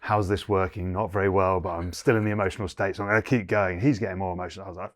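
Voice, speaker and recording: As an interview guest, a former rugby player from England in his forties reflects earnestly, thinking out loud and using lots of fillers. He speaks fast with few pauses in a low, fairly even voice, and the clean studio sound has no room echo.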